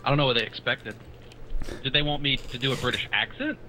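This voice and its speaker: A man's voice: medium pitch, fast talker, music in the background, low-quality recording. A man from South Carolina with a Southern accent, chatting and teasing as a guest on a stream. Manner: playful, teasing, repeats words for fun. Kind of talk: casual chat.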